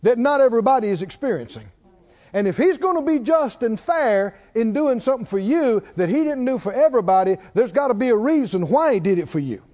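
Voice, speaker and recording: Heard on a dull, lo-fi church recording, a man preaches in an extremely high, sing-song, mellow voice at a fairly quick clip. He uses call-and-response, keeping up a stream of questions to the congregation.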